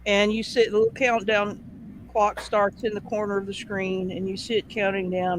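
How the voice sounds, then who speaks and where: Guy with a high-ish voice telling a funny story, lots of sound effects, faint noise behind. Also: moderate pace, poor audio. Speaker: host. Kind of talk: casual anecdote storytelling.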